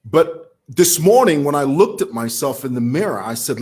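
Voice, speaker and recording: A man's voice: on the high side, animated, moderate pace, few pauses, a little mellow. A man from Zambia with a Zambian accent, talking casually to camera as a vlogger who laughs while he talks. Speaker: vlogger commentator.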